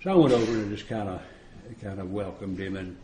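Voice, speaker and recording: A man's voice: on the low side, fairly quick, mellow. Folksy man telling stories in an echoey room. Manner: folksy, joking, chuckles often. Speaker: AA retreat speaker. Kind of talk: storytelling recovery talk.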